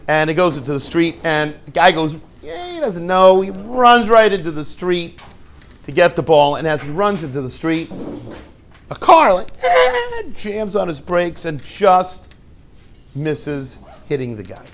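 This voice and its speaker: A rabbi teaching his students through a lively story, acting out the scenes and dropping in joking asides. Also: a little high, unhurried. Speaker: rabbi and yeshiva head.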